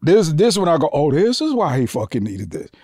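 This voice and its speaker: In a dry studio-quality recording, a male podcast guest talks a little fast while casually telling a story. He animatedly acts out the people's voices with big pitch jumps and swears freely.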